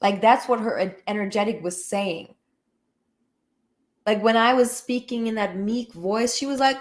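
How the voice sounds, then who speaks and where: A woman's voice: on the high side, a little slow. Frank woman teacher, casual swearing. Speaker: spiritual healing teacher. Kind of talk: candid personal talk.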